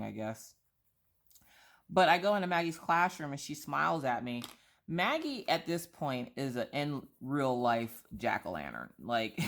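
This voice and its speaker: A woman in her thirties chatting casually about her kids while she colors, telling lively stories and acting out quotes. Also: a bass voice. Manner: chatty, animated storytelling with voiced quotes. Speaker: vlogger and mother.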